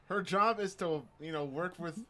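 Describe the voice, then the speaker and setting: A man co-hosting a podcast, chatting casually and teasing his friend with deadpan jokes. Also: high-pitched, moderate pace. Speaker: podcast co-host. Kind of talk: casual chat.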